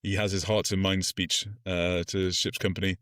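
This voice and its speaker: A man's voice: sits low, moderate pace, no echo, studio quality. A man, a podcast co-host chatting casually and animatedly through a film recap. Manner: animated storytelling, slips into funny voices. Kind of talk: casual film review chat.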